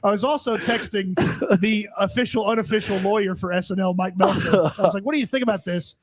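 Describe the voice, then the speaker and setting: A man's voice: sits high, quick pace. A man co-hosting a casual sports talk show, telling a story with animation and acting out both sides. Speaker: co-host. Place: live show at a restaurant.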